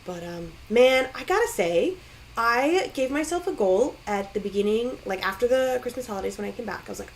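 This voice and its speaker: Stuffed-up canadian woman laughing at herself, kinda high voice, chatting at home. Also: lively intonation, brisk, a little hiss or hum, low-quality recording. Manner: self-deprecating, laughs often. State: congested. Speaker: podcast co-host. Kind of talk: casual chat.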